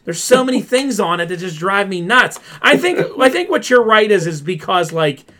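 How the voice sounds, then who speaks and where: A man's voice: high-pitched, very animated, moderate pace, sharp tone. A man co-hosting a casual wrestling podcast, ranting with exasperation and mimicking fans in quoted voices. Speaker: podcast co-host.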